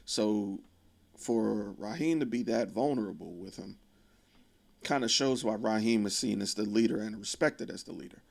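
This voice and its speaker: A man's voice: on the low side, moderate pace, creaky. A man casually retelling a film plot in a profane, conversational way with wry asides. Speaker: video creator.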